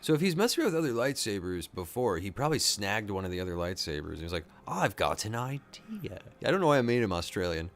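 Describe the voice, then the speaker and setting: A man hosting a reaction video, excitedly thinking aloud and gushing as he watches. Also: lowish voice, racing, few pauses. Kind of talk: casual reaction commentary.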